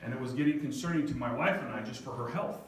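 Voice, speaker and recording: A man's voice: mid-range voice, fast, slight background noise. Middle-aged man, heartfelt storyteller with a self-deprecating edge, mid-range voice, picked up from a distance in an echoey hall. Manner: heartfelt, self-deprecating, quoting his daughter. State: near tears at moments. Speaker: speaker telling a family story to an audience. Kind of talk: storytelling talk.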